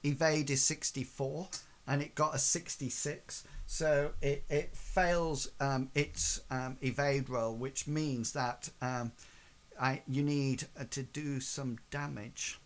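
A man running a tabletop game as game master, narrating slowly and haltingly with many pauses and fillers. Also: mid-range voice, steady tone. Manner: halting, many ums and hedges.

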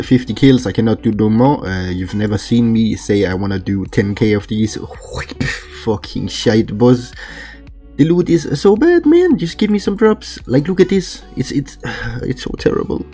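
Excitable swearing gamer man. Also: on the low side. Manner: swears a lot, excitable, complains about bad luck. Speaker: gaming channel host. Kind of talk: casual gameplay commentary. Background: faint background music.

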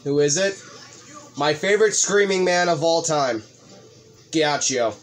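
A man hosting a let's play, commentating excitedly with frequent swearing and sudden outbursts. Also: on the high side, a little slow, soft background music. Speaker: gaming video host.

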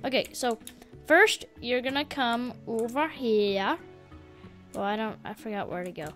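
A woman's voice: fairly high pitch, a little slow, a bit bright. A woman chatting casually while gaming, guiding a friend and breaking off with constant "wait"s and restarts. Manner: scattered, restarts with many "wait"s. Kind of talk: casual gameplay chat. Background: faint game music.

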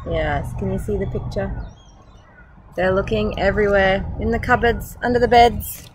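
A woman's voice: mid-range voice, fairly even intonation, normal speed, background noise. An Australian woman hosting a storytime, reading a picture book aloud with chatty, exclamatory asides to young listeners. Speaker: storytime host.

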